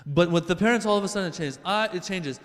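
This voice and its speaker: A man's voice: high-pitched, quick pace. A male preacher with a slightly raised voice, talking casually and with humor as he speaks straight to the congregation. His words ring out in a big hall with a long echo tail. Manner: lively, joking, addresses the crowd directly. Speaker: religious speaker. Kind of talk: conversational sermon.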